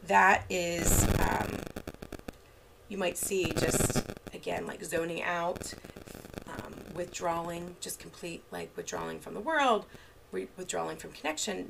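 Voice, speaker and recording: A woman's voice: fairly low pitch, creaky, noisy background. A woman therapist giving an unscripted online training in a casual way, full of fillers and restarts, with examples from her own parenting. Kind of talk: unscripted lecture.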